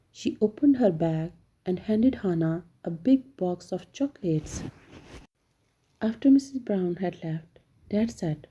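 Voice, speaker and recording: A woman reading a children's book aloud, telling the story steadily and carefully. Her voice is very mellow and warm, slow, and a little husky. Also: fairly low pitch. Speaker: storybook reader.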